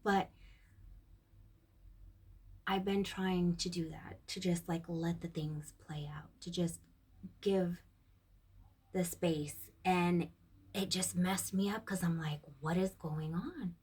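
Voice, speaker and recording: A woman sharing a personal reflection in a casual, heartfelt monologue, recorded on a phone. She speaks softly and often drops to a breathy near-whisper. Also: lowish voice, steady tone, takes it slowly, long pauses. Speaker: vlogger.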